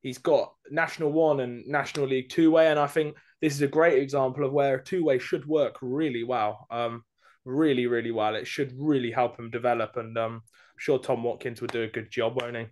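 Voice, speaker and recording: A man co-hosting a sports podcast, talking casually and hesitantly with many pauses and fillers. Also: mid-range voice, fairly even intonation, darkish tone. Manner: hesitant, lots of ums, thinks aloud. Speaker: podcast co-host.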